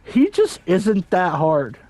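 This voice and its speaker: Higher-voiced man rambling over gameplay. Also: wildly swooping pitch, slow, a little mellow. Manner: rambling, hedging, filler-heavy. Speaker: gameplay commentator. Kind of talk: casual game commentary.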